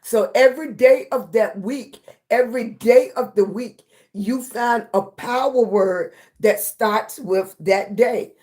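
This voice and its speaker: A woman hosting a casual livestream chat with viewers. Her voice is slightly raspy, and she talks slowly and affectionately, sometimes short of breath. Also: on the high side, darkish tone. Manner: slow, breathy, affectionate, calls viewers baby. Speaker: livestream host.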